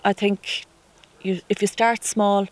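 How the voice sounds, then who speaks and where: A woman's voice: medium pitch, little pitch movement, slow, no echo. A middle-aged woman with an Irish accent, a mature student talking frankly and chattily in an interview. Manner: frank and chatty, acts out quoted exchanges. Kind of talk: interview answers.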